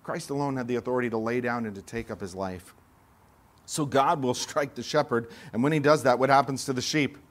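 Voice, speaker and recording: A man's voice: mid-range voice, a little fast. A man preaching a sermon as pastor, explaining scripture earnestly and lifting his voice when he quotes it.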